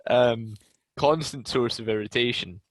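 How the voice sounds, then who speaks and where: A man's voice: mid-range voice, moderate pace, a bit bright, dry recording, low-quality recording. A man who is a ski and snowboard instructor, telling a story in casual chat on a video call and laughing at his own frustration.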